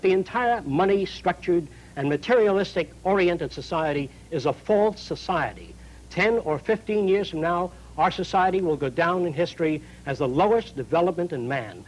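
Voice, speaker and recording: A man's voice: high-pitched, lively intonation, moderate pace, highs cut off. A man being interviewed in an old radio clip who speaks in firm, declarative statements.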